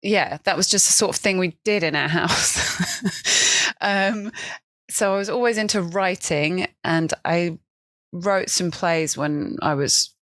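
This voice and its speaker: A woman's voice: on the low side, takes it slowly, a bit bright, no echo. A woman chatting casually as a podcast guest, self-mocking and laughing often. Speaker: guest improviser.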